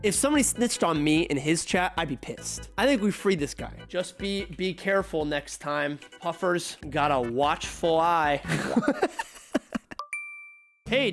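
A man streaming live, reading ban appeals aloud in casual chat, swearing and joking as he gets tipsy. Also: a little high. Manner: swearing, joking, quick to laugh. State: getting tipsy from drinking. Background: music playing.

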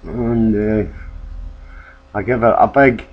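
A man's voice: fairly low pitch, steady tone, slow. A British man hosting an improvised comic vlog, rambling and hesitant, amused at himself. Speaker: comedy vlogger. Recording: dull lo-fi home recording, faint noise.

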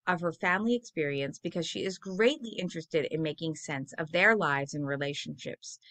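Bright-voiced woman lecturing on poetry. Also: lowish voice. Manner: chatty, self-correcting, asks students questions; taps out rhythms by voice. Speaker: college literature instructor. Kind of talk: recorded video lecture.

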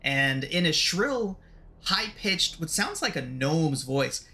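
A man narrating a tabletop game as game master, relaxed and full of fillers. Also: fairly high pitch, takes it slowly.

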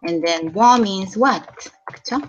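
Korean-accented woman, Korean teacher in a casual lesson, repeats words clearly for the student, mid pitch, slightly muffled audio. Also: slight background noise. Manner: mixes English and Korean, models slow clear pronunciation.

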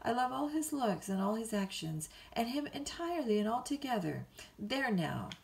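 A woman reading a bedtime story, voicing a willful, petulant young woman of twenty-two who pleads and flares up quickly. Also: fairly high pitch, sing-song, gravelly, slight background noise, pitched above the performer's own voice.

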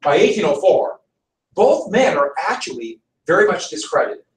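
A man teaching a classroom history lesson, his voice sitting somewhat high and swinging widely as he presses his points with rhetorical questions. He is picked up from a distance, so the room's echo hangs around every phrase. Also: big pitch swings, moderate pace. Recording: echoey room, from far off.

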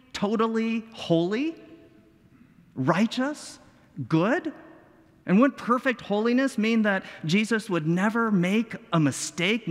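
Expressive man preaching in a reverberant hall. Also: sits high. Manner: expressive, rhetorical questions, dramatic pauses. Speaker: pastor. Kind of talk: sermon. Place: church sanctuary.

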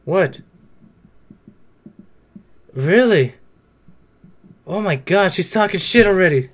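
A man's voice: high-pitched, lively intonation, takes it slowly, long pauses. A young man talking back at the screen in casual reaction commentary, chatty and swearing now and then. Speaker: reaction video host.

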